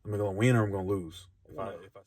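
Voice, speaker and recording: A man's voice: low-pitched, steady tone, very fast, darkish tone, slight background noise. A man speaking candidly in a casual vlog about his own trading, often restarting his sentences. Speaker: trader documenting his journey.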